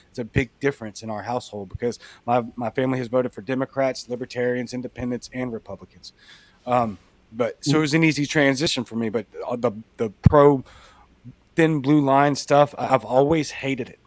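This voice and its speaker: A man's voice: mid-range voice, fairly quick, no echo. Blunt Cajun man telling a story. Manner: blunt, animated retelling with acted-out quotes. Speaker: podcast guest. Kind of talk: casual storytelling.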